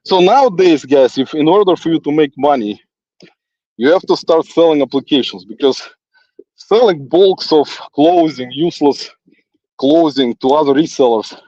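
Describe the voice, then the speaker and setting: A man's voice: a little high, moderate pace, dark tone, no echo. A man with a non-native English accent talks in a rambling, teasing monologue while walking outdoors, often chuckling and addressing an absent critic. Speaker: livestream host. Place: outdoors in a forest. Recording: dull, lo-fi phone sound.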